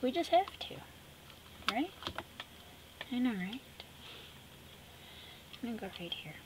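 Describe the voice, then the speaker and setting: A woman vlogging as she makes an art collage. She chats casually and sassily, talks to herself as she works, and often drops into soft whispers. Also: on the high side, slow. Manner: chatty, drifting into soft whispers; sassy, talks to herself while working. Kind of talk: casual chat while crafting. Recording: steady background noise with clicks.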